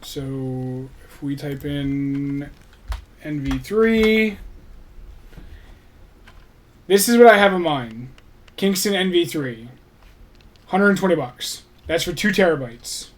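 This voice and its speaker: A man's voice: fairly high pitch, slow, slight background noise. Casual, rambling man livestreaming. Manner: rambling, swears casually, restarts often.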